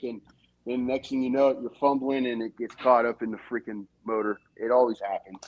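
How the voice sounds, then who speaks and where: A man's voice: medium pitch, flat delivery, fairly quick, muffled recording. A man chiming in casually about fishing gear mishaps. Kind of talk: casual chat.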